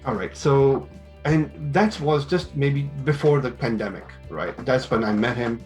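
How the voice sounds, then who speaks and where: A middle-aged man, a business school teacher, interviewing and giving advice in a lively way, acting out conversations as he tells stories. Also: mid-range voice, unhurried, soft background music. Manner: animated storytelling with quoted dialogue.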